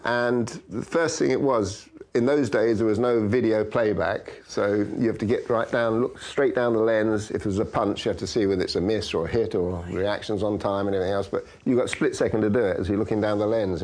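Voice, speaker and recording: An older man, a veteran stunt coordinator, telling lively anecdotes in an interview and acting out quoted dialogue. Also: on the low side, fast, hardly any pauses.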